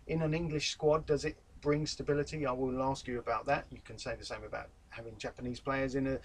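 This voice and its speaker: A man's voice: medium pitch, little pitch movement, quick pace, recorded from a distance. A man hosting a casual football vlog indoors, making playful jokes and wordplay. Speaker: vlog host. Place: indoors, talking to camera.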